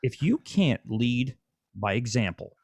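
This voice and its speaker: A man's voice: medium pitch, very animated, slow pace, a little mellow, no echo, studio quality. Blunt, swearing podcast host man. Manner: blunt, preachy, swears freely. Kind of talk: casual podcast interview.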